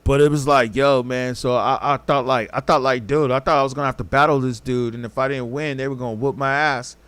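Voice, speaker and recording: A man's voice: medium pitch, steady tone, a little fast, fairly bright tone, clean tone, no room sound. A man hosting a podcast, telling a story casually in a rambling, profane way and acting out what people said. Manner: rambling, profane, acts out quotes. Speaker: podcast host.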